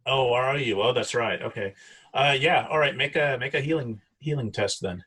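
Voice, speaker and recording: A man running a tabletop game as dungeon master, easygoing and halting, laughing often. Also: mid-range voice, fairly bright tone, breathy edge.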